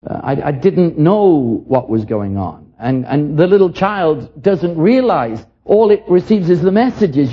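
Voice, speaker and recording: A man's voice: fairly high pitch, very animated, unhurried, hardly any pauses, husky, highs cut off. An older man from England preaching a sermon, earnest and reflective, often repeating a word as he starts a line.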